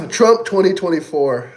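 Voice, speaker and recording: A young man chats casually on his livestream and answers viewers one by one. His voice sits fairly high, and his manner is mocking and taunting, with plenty of swearing. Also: expressive, slow pace. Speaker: livestream host reading chat.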